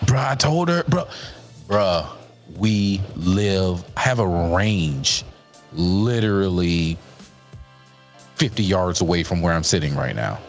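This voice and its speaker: Deep-voiced man telling stories animatedly. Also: takes it slowly, soft background music. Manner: animated storytelling with slang. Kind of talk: casual livestream chat.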